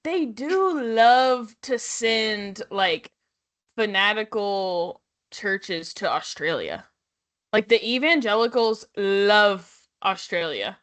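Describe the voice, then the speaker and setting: A woman's voice: mid-range voice, expressive, takes it slowly, a bit bright. A woman co-hosting a casual podcast, talking in a hesitant way with lots of fillers. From United States. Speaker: podcast co-host.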